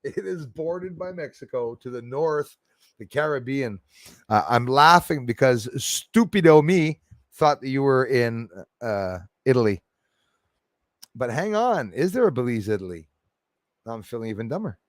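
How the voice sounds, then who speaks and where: An animated man of medium pitch speaks at a moderate pace in a dry, studio-quality recording. As a casual livestream host, he reads viewers' comments, laughs, and chats with self-mocking humor.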